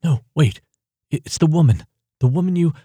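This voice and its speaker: A man's voice: mid-range voice, lively intonation, normal speed, darkish tone, breathy edge, dry recording, studio quality. A man reading a story aloud, voicing a nervous young woman who speaks hesitantly and pleadingly.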